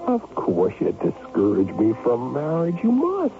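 Brief: obsessive unstable son, 1970s radio drama, wild pitch swings. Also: male voice, wildly swooping pitch, measured pace, full character voice. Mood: fervent. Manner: swings from sullen to raving and whispering. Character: troubled grown son, fixated on tainted blood. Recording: tinny old radio broadcast with music.

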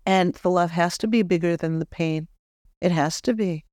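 A woman's voice: on the low side, normal speed, a little mellow, no room sound, clean studio sound, close to an everyday voice. A woman medium speaking as the spirit of a cocky, loving young man, earnest and reflective, with some self-mocking jokes. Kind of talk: channeled spirit talk.

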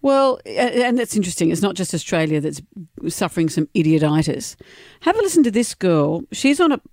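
A woman's voice: on the low side, very animated, brisk, a little mellow, dry recording, studio quality. A woman co-hosting a radio show in casual chat, opinionated and wry. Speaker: radio co-host.

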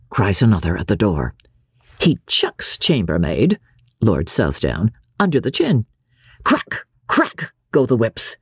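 A woman reads a classic novel aloud in a close, dry studio sound. Her pitch swoops widely as she lifts her voice for quoted characters. Her tone has a soft husk to it. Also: wildly swooping pitch, unhurried, slightly rough, no room sound. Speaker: audiobook narrator. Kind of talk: classic novel audiobook reading.

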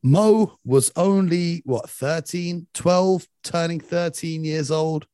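A young man in his late twenties co-hosting a casual sports podcast, eager and animated. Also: fairly high pitch, slow, no echo, studio quality. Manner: enthusiastic, animated, leads the conversation. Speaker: podcast co-host.

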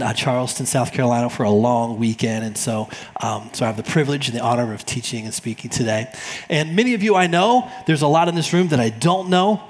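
A man in his forties, a pastor, opening his sermon in a relaxed, chatty way with some fillers and restarts. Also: medium pitch. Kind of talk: friendly sermon introduction. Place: church auditorium. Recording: long church hall reverb.

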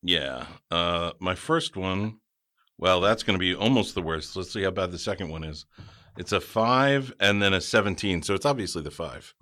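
A man playing a tabletop game in casual chat, animated and prone to stammers and laughing between lines. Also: deep voice, moderate pace. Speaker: player.

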